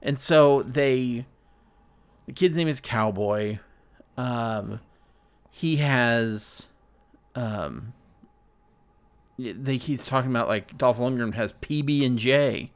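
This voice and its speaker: A man's voice: mid-range voice, takes it slowly, pauses often, smooth. A man co-hosting a podcast, chatting casually about a movie in a meandering way, with lots of likes and ums. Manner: meandering, full of likes and ums, acts out quotes. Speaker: podcast co-host. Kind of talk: casual chat reviewing a movie.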